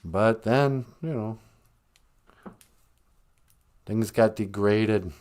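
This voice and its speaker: A man hosting a podcast, telling jokes and stories in a dry, deadpan way. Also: on the low side, drawn-out words. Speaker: podcast host and storyteller. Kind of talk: comedic banter.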